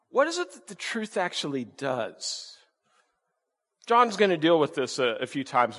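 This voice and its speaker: A male pastor delivers an emphatic sermon in a slightly high voice. He keeps asking his listeners rhetorical questions and repeats his key words for weight. A long reverb trails behind every phrase, as in a large hall. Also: fairly bright tone.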